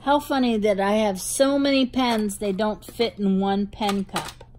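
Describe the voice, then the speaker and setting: A woman's voice: mid-range voice, fairly even intonation, unhurried, a little mellow, a little hiss or hum. A woman with a New Jersey accent doing a casual show-and-tell unboxing on her hobby vlog, gushing with delight over cute little things. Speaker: hobby vlogger.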